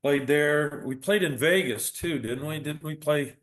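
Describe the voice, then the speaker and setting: A man chatting casually about fond memories, pausing and restarting as he searches for details. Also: on the high side, a bit bright. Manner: reminiscing, hesitant with restarts and chuckles. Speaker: guest. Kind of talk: casual chat.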